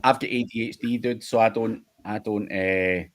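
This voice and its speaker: A man's voice: lowish voice, fairly even intonation, normal speed. Scottish male host, laughing storyteller who swears a lot, chatty livestream delivery. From United Kingdom. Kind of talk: casual livestream chat.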